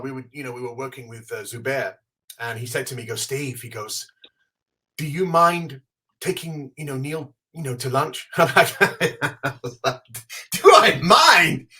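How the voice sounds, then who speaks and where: A man co-hosting a podcast, telling an animated story in casual chat and acting out the quotes. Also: medium pitch, a little slow. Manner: animated, acts out quotes with big swings. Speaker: podcast co-host.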